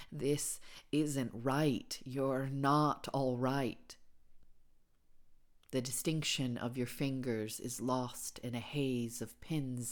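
Audiobook reader, female, very deep and unhurried, hushed horror narration. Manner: hushed and deliberate, dropping into whispers at times. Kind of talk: scripted narration of a second-person horror story.

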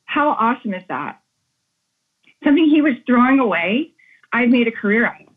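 A woman's voice: a little high, animated, normal speed. A woman guest in an interview, telling stories with enthusiasm and animation. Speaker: guest artist. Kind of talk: casual interview chat. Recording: tinny phone-like call audio.

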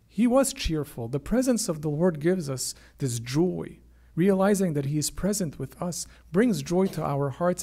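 A man's voice: on the high side, warm tone. A man preaching a sermon with earnest emphasis, often repeating his words and lifting his voice for quoted prayers. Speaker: priest.

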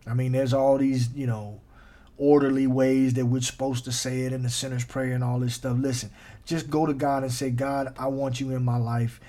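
A man hosting a faith podcast, preaching earnestly and emotionally. He repeats his phrases, his voice dropping soft and close to tears. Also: mid-range voice, level tone, moderate pace. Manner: earnest, repetitive, emotional, softens to near-whisper. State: near tears. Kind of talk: heartfelt podcast sermon.

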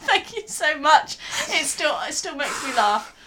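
A woman's voice: high-pitched, lively intonation, unhurried, background noise. A young woman co-hosting a podcast in casual chat, often breaking into giggles. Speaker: podcast co-host.

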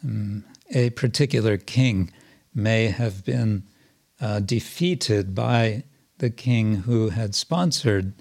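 A man teaching a scripture class, reading verses aloud and explaining them slowly with many pauses and restarts. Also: fairly low pitch, creaky, darkish tone. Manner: slow and hesitant, many fillers and restarts.

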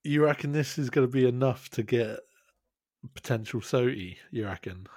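A man's voice: medium pitch, moderate pace, a little mellow, breathy edge, no room sound, studio quality. A man casually commenting on a skate video with a co-host, laid-back and naming tricks.

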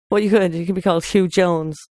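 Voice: mid-range voice, darkish tone, no room sound. A co-host from Britain in a casual chat, emphatic, laughing often and repeating phrases. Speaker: podcast co-host.

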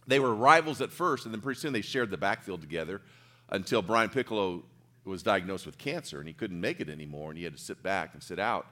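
A middle-aged male preacher with a fairly low voice tells a story from the pulpit. He speaks earnestly and with feeling, sinking to hushed near-whispers and then climbing to loud, emphatic peaks. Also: animated, fast. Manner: earnest, emotional storytelling with sudden soft drops and loud peaks. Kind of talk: sermon storytelling.

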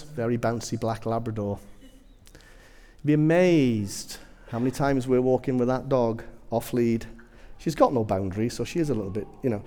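A man's voice: medium pitch, warm tone, long reverb tail. A man preaching a sermon, telling humorous personal stories with self-deprecating asides.

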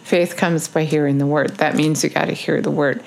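A woman's voice: low-pitched, steady tone, moderate pace, creaky. A woman giving a casual video sermon, urging listeners in earnest, repetitive phrases with frequent ums. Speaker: online preacher.

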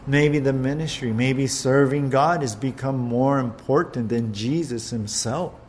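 A man's voice: mid-range voice, darkish tone, slight background noise. A man preaching a sermon in an earnest way, often repeating words and putting questions to his listeners. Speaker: pastor.

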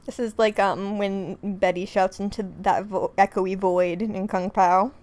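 A woman's voice: medium pitch, level tone, unhurried, a little mellow. A woman co-hosting a podcast, joking and giggling through casual recap banter. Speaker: podcast co-host.

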